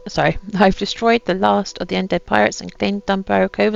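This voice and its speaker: Her voice sits at a medium pitch with a level tone and vocal fry, and she moves briskly with barely a pause. As a gaming channel host, she offers wry, self-deprecating chatter about the game she's playing. The audio is dull and lo-fi, with a faint ambient background.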